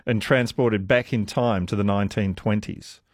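A man's voice: lowish voice, fairly even intonation, normal speed, dry recording, studio quality. A middle-aged man hosting a radio music quiz, rambling and self-deprecating in casual chat.

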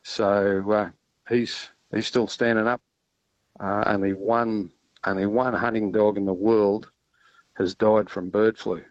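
A man's voice: lowish voice, slow pace, dry recording, highs cut off. An Australian man out hunting, chatting cheerfully and rambling through a radio interview with lots of ums. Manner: relaxed, rambling, cheerful with many fillers. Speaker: duck hunter on air.

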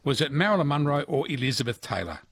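A man with an Australian accent, hosting talkback radio in a chatty, quick manner from a studio mic. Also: fairly high pitch, very animated, a bit bright, slightly rough, no room sound. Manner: chatty, quick, laughs often. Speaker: radio host.

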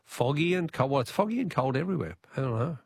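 Man, Australian accent, radio quiz host, jovial, chuckling, very lively pitch. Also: fast, vocal fry, a little hiss or hum.

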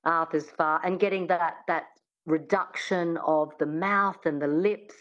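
Chatty Australian accent coach, dull line. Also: female voice, lowish voice, steady tone, a little slow. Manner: chatty, many restarts and "I mean". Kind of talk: interview guest.

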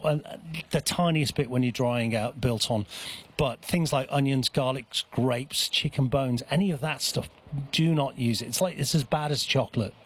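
A man's voice: mid-range voice, moderate pace, breathy edge. Hesitant man explaining recipes. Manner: hesitant, many restarts and fillers. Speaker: guest chef. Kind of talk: casual radio chat. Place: outdoor dog park.

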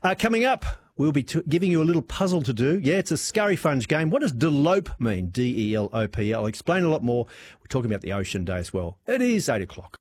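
A man hosting a radio quiz segment with a caller, talking in excitable banter. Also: medium pitch, fast talker, slightly rough. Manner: excitable, shouting at a win. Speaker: radio host.

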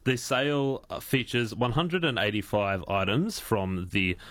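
A man's voice: fairly low pitch, measured pace, fairly bright tone, dry recording. A man with an Australian accent reading radio news, stumbling and laughing when his co-host distracts him. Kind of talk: reading news with casual banter.

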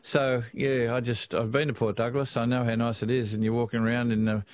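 Friendly radio host. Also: male voice, medium pitch, brisk, no echo. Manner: relaxed, friendly, laughs easily. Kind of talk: talkback radio chat.

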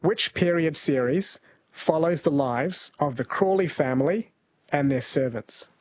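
A man's voice: a little high, unhurried, darkish tone. A man from New Zealand hosting a talkback radio show, chatting easily with callers and reading out listener texts. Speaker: radio host. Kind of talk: casual talkback radio chat.

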